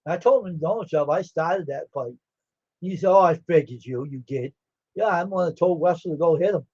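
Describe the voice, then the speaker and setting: A man's voice: fairly high pitch, moderate pace, a little mellow, breathy edge, dry recording, muffled recording. An older man hosting a livestream, telling rambling stories in casual chat and acting out the dialogue. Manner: rambling, laughing, acts out quoted dialogue. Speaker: livestream host.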